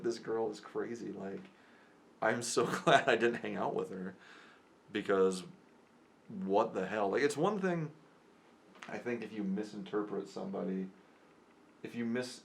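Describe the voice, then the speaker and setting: A young man tells a personal story in a loose, rambling vlog monologue. His voice sits low and has a gravelly, fried edge. He chuckles and breaks off mid-sentence as he goes, and there is faint noise behind him. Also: a bit bright. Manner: rambling, chuckling, self-interrupting. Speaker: vlogger.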